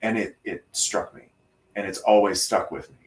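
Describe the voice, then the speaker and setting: Man, very deep voice, hairdresser, casual podcast storytelling, relaxed, pauses and fillers. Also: distant mic.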